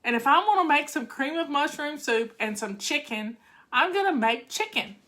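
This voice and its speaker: A woman's voice: sits high, animated, normal speed, bright, forceful tone. An older woman, chatting casually to her viewers in a folksy, talkative way. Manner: chatty, folksy, talks back to viewer comments. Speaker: home-organizing vlogger. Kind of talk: casual live chat to viewers.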